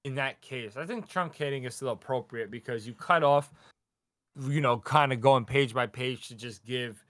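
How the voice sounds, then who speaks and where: A man co-hosting a casual podcast, retelling a manga chapter in an animated way, acting out the characters and laughing as he goes. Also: medium pitch, normal speed, dry recording. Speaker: podcast co-host.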